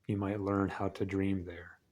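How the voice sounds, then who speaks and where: A man reading aloud as a calm, solemn male alien forest leader, slow and measured. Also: low-pitched.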